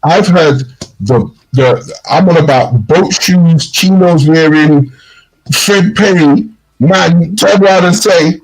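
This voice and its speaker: A man co-hosts a casual podcast, his voice slightly husky and pitched a little high. He talks in a lively storytelling way, slipping into quoted slang as he goes. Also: takes it slowly, low-quality recording. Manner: animated storyteller, mimics slang phrases in quotes. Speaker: podcast co-host. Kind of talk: casual chat.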